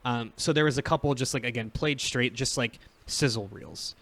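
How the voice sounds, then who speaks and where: A man's voice: medium pitch, normal speed, a bit bright. A man in his thirties hosting a podcast, chatting casually and rambling with lots of fillers and frequent laughs. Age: 30s. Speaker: podcast host. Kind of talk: casual chat.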